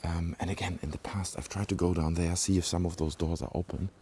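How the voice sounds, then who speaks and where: In a deep, mellow voice with flat delivery, a fast-talking British-sounding vlogger chats to viewers while walking outdoors through a small village. He rambles casually, with lots of fillers and asides. The handheld camera mic picks up slight background noise.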